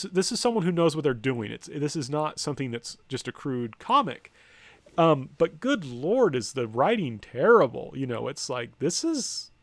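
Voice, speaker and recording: A man's voice: mid-range voice, dry recording. Dry-sounding, hesitant male lecturer. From United States. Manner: conversational, hesitant, many ums and self-corrections; wry asides. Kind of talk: university lecture on slides.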